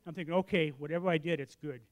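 A man in his sixties delivering a sermon, his voice sitting high. He tells stories with energy and acts out both sides of a conversation. Then he settles into a quieter, earnest tone for the point he is making. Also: steady tone, fast talker. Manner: drops to a quiet, earnest tone for the lesson. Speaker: preacher. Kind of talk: sermon with storytelling.

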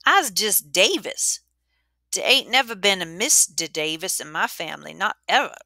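A woman's voice: medium pitch, animated, normal speed, vocal fry, sharp tone, no room sound, studio quality, voice pushed up. Woman doing a folksy old janitor. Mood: amused. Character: kind humble older male school janitor.

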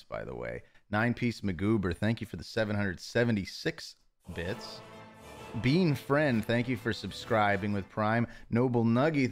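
Man, somewhat low voice, casual live-stream chat, stumbling restarts, self-deprecating, thanking viewers one by one. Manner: stammering, self-deprecating, reads chat messages aloud. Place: home office.

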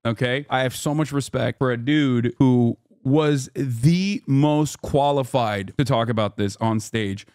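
A man's voice: medium pitch, a little slow, hardly any pauses, a little mellow, smooth, no echo, clean studio sound. A man hosting a live stream, talking bluntly and sarcastically in casual commentary, swearing often. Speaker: streamer host.

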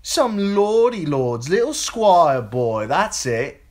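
Brief: cocky baker's boy played by a man, pitched high, pushy and goading. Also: sing-song, slow pace, a little mellow. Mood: taunting. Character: sunburnt baker's orphan boy, pushy and bullying.

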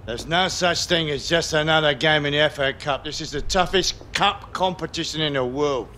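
A firm old grandad who once played football lectures his grandson in a game cutscene. His voice sits a little high and has a bright, tense edge. He speaks with stern, scripted authority. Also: moderate pace, slight background noise. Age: older.

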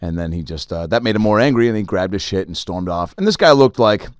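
Brief: male podcast host, quick animated storyteller who acts out voices, dry studio mic. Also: fairly low pitch, clear, resonant tone, no room sound. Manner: animated, acts out other people in his stories. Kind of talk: casual storytelling chat.

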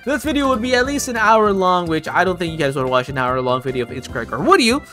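Excitable young guy doing gameplay commentary. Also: high voice, fast, soft background music. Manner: excitable, chatty, jumpy exclamations. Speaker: gaming YouTuber.

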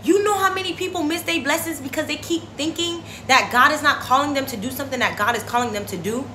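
A woman's voice: high-pitched, fast talker, pushed and bright, a little hiss or hum. A woman leading a casual daily Bible devotion, talking directly to her listeners in a conversational way. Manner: conversational, addresses listeners as y'all. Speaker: devotion leader. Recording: roomy echo.

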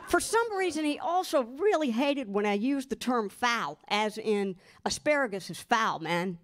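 A woman reading a first-person memoir aloud to an audience, expressive and lively, giving the quoted lines their own voices. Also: a little high, measured pace. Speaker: guest reader.

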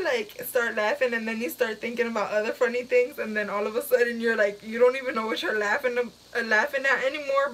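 A woman's voice: on the high side, a bit bright, a little hiss or hum. A young woman hosting a casual live stream, talking to viewers while she keeps breaking into helpless, breathless laughter.

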